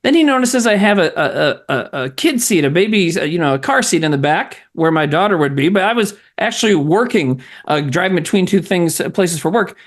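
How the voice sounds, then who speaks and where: A man hosting a comedy podcast, telling stories in casual chat with an animated, profane manner. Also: high voice, brisk, hardly any pauses. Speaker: podcast host.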